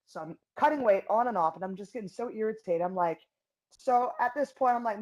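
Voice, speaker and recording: A young woman from Philadelphia, an MMA fighter and guest in an interview, telling stories in a blunt, profane and animated way. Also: mid-range voice, fairly quick, poor audio. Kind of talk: casual interview storytelling.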